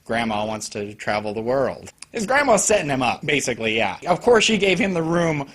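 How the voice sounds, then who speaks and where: A young man giving a casual, profane and sarcastic anime review, now and then bursting loud as he mimics characters. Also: medium pitch, big pitch swings, a little fast.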